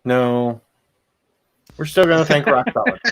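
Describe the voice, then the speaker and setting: A man's voice: a little high, a little slow. A man in casual chat on his stream, quippy and teasing.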